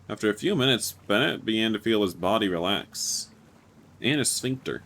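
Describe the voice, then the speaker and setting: A man's voice: lowish voice, moderate pace, fairly bright tone, slight background noise. A man hosting a gaming video, reading a story game aloud and breaking in with wry, self-mocking jokes.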